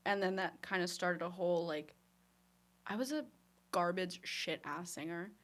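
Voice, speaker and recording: A woman's voice: fairly low pitch, normal speed, a bit bright. A young woman chatting as a podcast guest, talkative and self-mocking, filling her sentences with "like". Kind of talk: casual chat.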